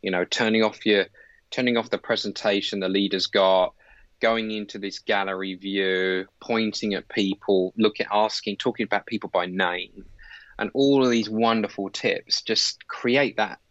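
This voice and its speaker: A low-pitched man in middle age talks through coaching ideas earnestly, leaning on "you know" and restarts. His voice comes through dull and lo-fi. The room sounds dry and close. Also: steady tone, moderate pace, a bit bright, no room sound. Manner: earnest, explanatory, with frequent fillers. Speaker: leadership coach. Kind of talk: conversational interview.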